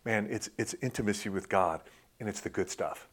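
A man preaching a sermon in a conversational way, often dropping into soft, intimate tones and saying "man". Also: lowish voice, moderate pace. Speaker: pastor.

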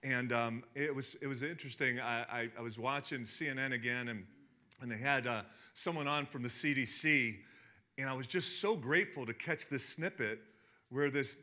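A man's voice: medium pitch, normal speed, sharp tone. A middle-aged man giving a sermon as a pastor, talking conversationally with lots of restarts and fillers.

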